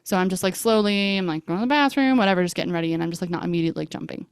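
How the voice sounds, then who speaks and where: Speaking rapid-fire in a smooth, fairly low voice with lively intonation, a young podcast host shares a personal story full of fillers and quoted lines. The studio sound is clean, with no room echo.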